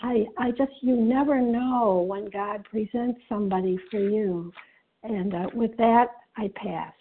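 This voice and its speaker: A woman's voice: mid-range voice, slight background noise. Woman sharing over a tinny phone line. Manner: earnest, pausing with fillers. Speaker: meeting member sharing. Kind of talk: personal recovery share. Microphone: phone conference call.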